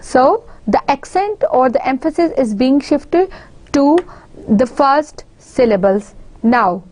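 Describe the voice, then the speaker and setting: A woman with a Pakistani English accent giving a university lecture, explaining slowly and repeating the example words. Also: high voice, expressive, darkish tone.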